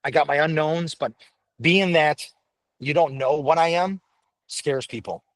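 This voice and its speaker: A man's voice: on the high side, a little slow, no echo, rough recording. A middle-aged man, a veteran firefighter, talking bluntly and with lots of swearing as a podcast guest. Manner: blunt, profane, animated storytelling. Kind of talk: candid podcast conversation.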